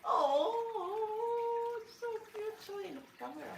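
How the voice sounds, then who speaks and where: A woman from the Philippines chiming in excitedly and laughing during her husband's home livestream. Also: very high-pitched, measured pace, gravelly. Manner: excitable, laughs often, chimes in from off to the side. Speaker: host's wife. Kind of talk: casual live chat. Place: home living room. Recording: roomy, away from the mic.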